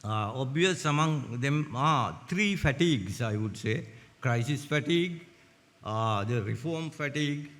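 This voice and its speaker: An older man giving a formal conference talk in a deliberate, measured way, with many hesitant fillers. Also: medium pitch, lively intonation, fairly bright tone. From Sri Lanka. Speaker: conference speaker. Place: large conference hall. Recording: long hall reverb.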